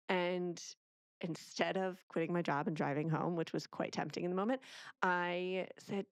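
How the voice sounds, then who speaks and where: A woman's voice: fairly low pitch, normal speed, smooth, no room sound, studio quality. A woman, a parenting author, chatting as a podcast guest and animatedly acting out the people in her stories. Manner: animated storyteller who acts out quoted speech. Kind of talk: casual interview conversation.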